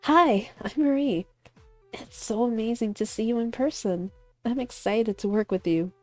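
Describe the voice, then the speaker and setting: A woman voicing an eager, friendly young actress in a visual novel, in a gushing, breathy manner. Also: on the high side, normal speed, no echo, soft background music, voice pushed up, natural voice.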